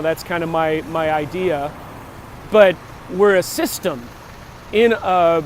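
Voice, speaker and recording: A man's voice: high voice, noisy background. A man talking casually while out on a morning walk, rambling and musing with lots of restarts. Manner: rambling, musing, self-interrupting. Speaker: vlogger. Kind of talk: casual walk-and-talk vlog. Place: outdoors on a walk near traffic.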